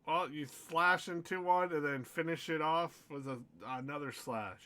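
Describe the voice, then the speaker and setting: A man's voice: on the high side, normal speed, pushed and bright. A tipsy man running a casual tabletop game as game master, joking and laughing often. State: tipsy from drinking.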